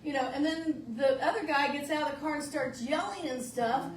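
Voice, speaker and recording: Woman pastor, slightly high voice, folksy and searching, distant mic in a reverberant sanctuary. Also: moderate pace, slight background noise. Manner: folksy, searching, repeats words when restarting. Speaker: minister. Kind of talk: conversational sermon. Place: church sanctuary. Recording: roomy church sound from a distant mic.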